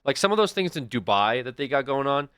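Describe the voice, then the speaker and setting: A very animated young adult streamer speaks briskly in a medium-pitched, clear, resonant and slightly bright voice, rambling through casual stories for viewers with many restarts and asides. Clean studio sound, no echo.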